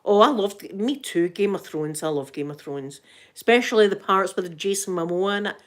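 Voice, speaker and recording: A woman's voice: medium pitch, expressive, normal speed. An older woman with a Scottish accent, chatting casually and cheekily as an ASMR host, laughing often.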